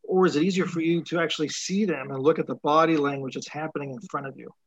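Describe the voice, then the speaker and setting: Host: quick, slightly high man, dry and a little lo-fi. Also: steady tone, breathy edge, dry recording. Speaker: podcast host. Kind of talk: interview questions.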